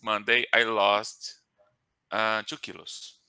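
A man from Brazil with a Brazilian Portuguese accent, speaking English as a second language on a video call, halting and correcting himself as he hunts for words. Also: on the low side, level tone, pushed and bright, clean tone, dry recording. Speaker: English learner. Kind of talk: casual chat in an online lesson.

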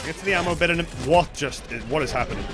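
A man streaming a co-op shooter game, commentating live with excitable outbursts, swearing and yelling at teammates. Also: on the high side, fast talker. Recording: game music and gunfire behind. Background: game music and gunfire.

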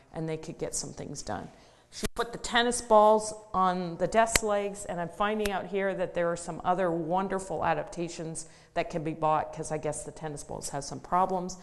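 Speaking in a big-sounding room, a middle-aged woman who works as an occupational therapist tells a practical case story during a conversational public talk. Her voice is on the low side, and her plain wording includes some fillers and restarts.

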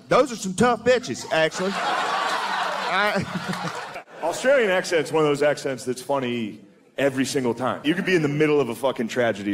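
A man in his thirties doing stand-up comedy on a club stage, telling crude stories in a deadpan way and slipping into mocking voices. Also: medium pitch. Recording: live stage recording with audience noise. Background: audience laughter.

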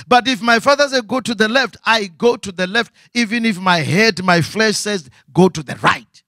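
A man's voice: sits high, normal speed, bright, forceful tone, no echo. A man preaching a sermon as pastor, asking rhetorical questions and repeating phrases.

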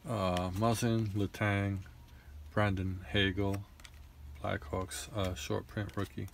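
A young man with a fairly low voice, reeling off names as he opens packs and grumbling between them. His delivery is casual and exasperated, with a faint hiss of room noise behind him. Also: level tone, takes it slowly, vocal fry. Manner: rattles off names, frustrated and grumbling. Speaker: card collector opening packs. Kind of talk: casual card-opening commentary.

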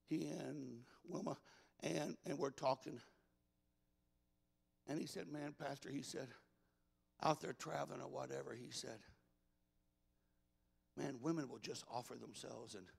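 A man preaching a folksy, emphatic sermon that builds to shouts in a large church. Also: on the high side, vocal fry, breathy edge, in a large hall. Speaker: pastor.

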